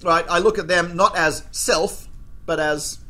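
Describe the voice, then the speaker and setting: A man's voice: high-pitched, unhurried. A man teaching a class as a rabbi, telling stories with jokes and acting out the quoted exchanges. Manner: animated, jokey, acts out quoted exchanges. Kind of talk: humorous storytelling lecture.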